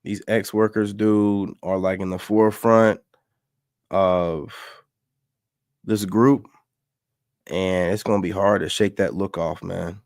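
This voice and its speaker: A man's voice: sits low, steady tone, slow pace, pauses often, a little mellow, dry recording, studio quality. A man hosting a reaction show, talking bluntly and with profanity. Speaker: commentary host. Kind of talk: casual reaction commentary.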